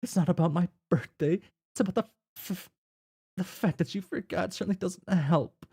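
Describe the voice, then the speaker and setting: A man's voice: on the high side, slow pace, creaky, no echo, full character voice. A man voicing a furious teenage girl who snaps in exasperated outbursts while reading a webcomic aloud. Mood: irritated. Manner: sharp, exasperated, shouting outbursts.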